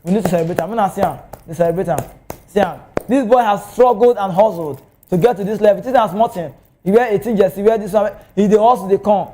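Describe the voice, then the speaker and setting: A man with a Nigerian accent talking football as a TV pundit, animated and excitable. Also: quick pace, a little hiss or hum. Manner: animated, excitable, swings pitch. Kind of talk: TV football commentary in Pidgin. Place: TV studio.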